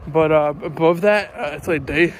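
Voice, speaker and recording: A young man with a slightly high voice chats upbeat into his phone camera outdoors. He sounds casual and talkative, with faint background noise behind him. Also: moderate pace. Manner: upbeat, chatty, talks while walking outdoors. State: out of breath. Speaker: vlogger. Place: outdoors on a sunny spring day.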